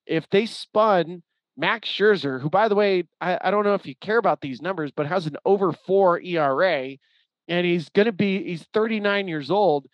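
A man with a fairly high voice co-hosts a casual sports podcast. He tells stories with energy, playing out both sides of each exchange. The sound is dry and a little muffled. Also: dry recording. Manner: animated storyteller, acts out quoted exchanges. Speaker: podcast co-host. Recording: dry, slightly muffled audio.

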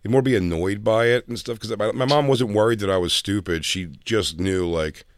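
A middle-aged man on a comedy talk show, telling long rambling stories and slipping into the voices of the people in them. His voice sits on the low side, and the studio sound is dry, close and free of room echo. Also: a little fast, clear, resonant tone. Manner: rambling storyteller, acts out quotes. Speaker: co-host. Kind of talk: casual comedic chat. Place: radio studio.

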